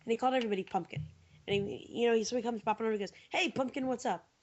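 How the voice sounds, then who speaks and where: A woman's voice: fairly high pitch, rapid-fire. A woman co-hosting a podcast, telling a long story in casual chat with lots of fillers, tired. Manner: rambling, animated storytelling with many fillers. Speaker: podcast co-host. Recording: dull lo-fi podcast audio.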